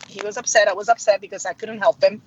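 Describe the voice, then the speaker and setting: A woman, a middle school art teacher, telling classroom stories in casual chat and acting out the voices of the people she quotes. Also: fast. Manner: animated, acts out quoted dialogue with big pitch jumps. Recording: slightly dull audio with faint noise.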